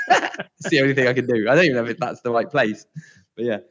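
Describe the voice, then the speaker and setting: A man's voice: mid-range voice, huge pitch swings, a little fast, fairly bright tone, slight background noise. A man co-hosting a casual podcast, chatty and teasing, trying out impressions. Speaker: podcast co-host. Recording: slightly dull lo-fi sound.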